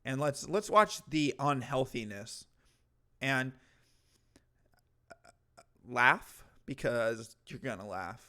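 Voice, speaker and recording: Male host, casual reaction commentary, wry, mocking, bright tone. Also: mid-range voice, lively intonation, takes it slowly, long pauses.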